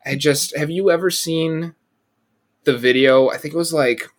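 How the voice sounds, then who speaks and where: A man's voice: a little high, moderate pace. Profane ranting man on a podcast. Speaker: podcast co-host. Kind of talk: casual podcast chat.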